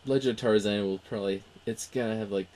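A man's voice: on the low side, steady tone, fast talker, dark tone. A man co-hosting a casual film podcast, rambling with many fillers and restarts. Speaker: podcast co-host.

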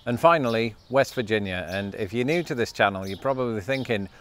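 A man's voice: mid-range voice, fairly quick, fairly bright tone, slight background noise. A British man hosting a comedic vlog from his home, talking in a playful, wry way and slipping into mock accents. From Britain. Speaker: YouTuber host. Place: home in Illinois.

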